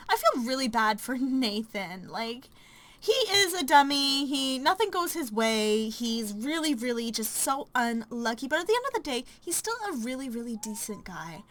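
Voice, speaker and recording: A woman's voice: high-pitched, very animated, moderate pace, fairly bright tone. A woman casually narrating her life-sim gameplay, chatty and full of ums and likes. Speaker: let's play narrator.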